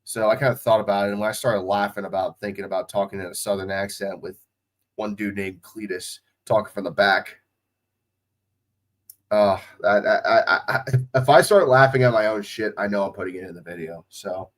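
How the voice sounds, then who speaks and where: A man's voice: fairly low pitch, normal speed. A man with a slight Southwest Ohio drawl who is getting over a cold, doing casual, profane play-by-play and chatting as a streamer. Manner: casual and profane, calling plays excitedly. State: recovering from a cold. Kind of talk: casual play-by-play commentary and chat.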